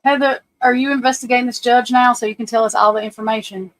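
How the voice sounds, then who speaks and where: Woman host, casual livestream chat, higher voice, rambling and self-mocking. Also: steady tone, fast talker, few pauses, poor audio. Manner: chatty, self-deprecating, talks to viewers and her computer.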